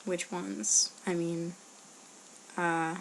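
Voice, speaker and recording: A woman's voice: on the low side, little pitch movement, drawn-out words, creaky, a bit bright, a little hiss or hum. Chatty young woman rambling through questions. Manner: rambling and chatty, with hesitant fillers and murmured asides. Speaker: blogger answering a question meme. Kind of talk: casual spoken audio post.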